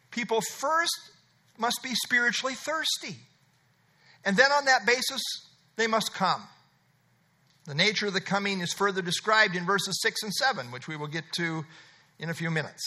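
Bright, high-voiced man preaching emphatically. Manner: emphatic, repeats key phrases, conversational asides. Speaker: pastor. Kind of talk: expository sermon.

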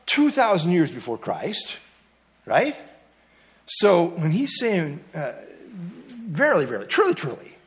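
A man's voice: high voice, a bit bright. A man, a pastor, teaching a morning Bible study as a sermon, earnest and emphatic, with frequent fillers.

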